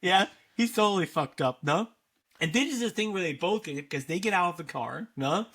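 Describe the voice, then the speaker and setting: Man, podcast co-host, fairly high voice, bright tone, rambling plot recap, habitual "no?" tag. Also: animated, a little fast. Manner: ends many sentences with a questioning "no?"; loose, rambling recap with frequent "uh" and laughter. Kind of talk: casual chat retelling a movie plot.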